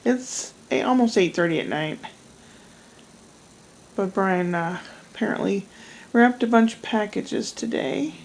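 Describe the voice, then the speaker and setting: Middle-aged woman, gravelly, chatty home vlogger, rambling and self-deprecating. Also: mid-range voice, unhurried, pauses often, low-quality recording. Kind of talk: casual chat. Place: home at night.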